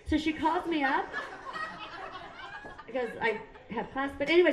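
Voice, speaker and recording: A woman's voice: sits high, moderate pace, roomy sound, low-quality recording. Brassy middle-aged woman comic from Hawaii. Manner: brassy, self-mocking, chatty. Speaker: stand-up comedian. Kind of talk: stand-up comedy. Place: comedy club stage.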